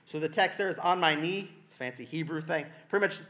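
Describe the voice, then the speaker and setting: A man's voice: on the high side, lively intonation, a little fast, few pauses. A man preaching a sermon in a conversational, wry way, acting out the quoted lines with rising emphasis.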